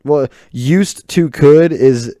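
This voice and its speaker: A man's voice: fairly high pitch, very slow, warm tone, dry recording, studio quality. Rambling teenage guy with a Southern accent. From southern United States. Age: teens. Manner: rambling, self-mocking, laughs often. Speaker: podcast host. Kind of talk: rambling solo podcast. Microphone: desk mic, close.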